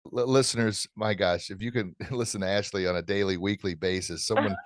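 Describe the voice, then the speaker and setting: A man, a martial arts instructor, speaking as a podcast guest in an emotional, halting way with many restarts. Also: fairly low pitch, steady tone, no echo, clean studio sound. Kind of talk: casual interview chat.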